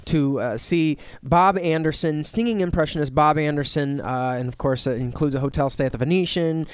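A man's voice: a little high, a little fast, clean tone, no echo. A man co-hosting a live radio show, rambling with fillers while plugging giveaways. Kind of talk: live radio banter and promos.

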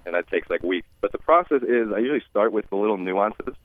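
A man who does impressions, as a guest on a radio show, talking easygoing and halting by phone. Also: fairly low pitch, expressive, no room sound. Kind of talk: casual radio interview. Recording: tinny phone line.

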